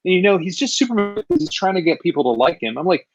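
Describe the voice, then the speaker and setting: A man's voice: high voice, very animated, racing, muffled recording. A man hosting a casual chat, talking about movies in an enthusiastic, opinionated way. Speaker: host.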